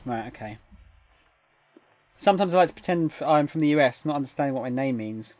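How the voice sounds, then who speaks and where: A man's voice: mid-range voice, lively intonation, fairly quick, noisy background. A young man streaming a game, chatting casually with viewers in a rambling, hesitant way. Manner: rambling, hesitant, lots of fillers and restarts. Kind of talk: casual live-stream chat.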